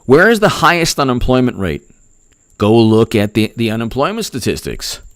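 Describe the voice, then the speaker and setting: A man's voice: medium pitch, big pitch swings, normal speed, no room sound, studio quality. A man giving a rambling, heated political commentary vlog in a conversational way.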